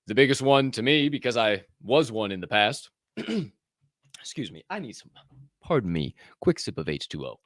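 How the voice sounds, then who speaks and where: A man's voice: mid-range voice, moderate pace, no echo, clean studio sound. A young man hosting a live show, chatting casually, rambling and joking with frequent profanity. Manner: rambling, profane, jokey and excitable. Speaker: podcast host. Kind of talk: casual live-stream chat.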